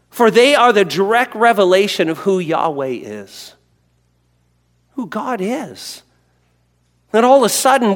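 A pastor preaching to his congregation, his voice sitting a little high for a man. He swings from loud, animated bursts to hushed storytelling. The sound carries a long reverb from a large hall. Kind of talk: sermon.

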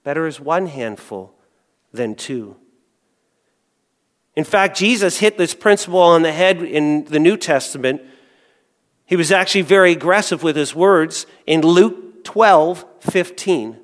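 A male pastor delivers a sermon in a slightly raised voice. He drops to quiet, low phrases, then bursts into loud calls. The long reverb of a big hall trails behind his words. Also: a little slow. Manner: swings from hushed to loud exclamations.

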